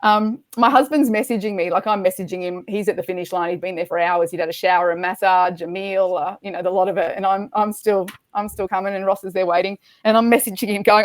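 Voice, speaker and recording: Lady, middle-aged, yarning about a race, super animated, dry close sound. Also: medium pitch, quick pace, hardly any pauses, no room sound. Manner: lively, animated retelling with acted-out quotes. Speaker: podcast guest. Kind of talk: storytelling in casual chat.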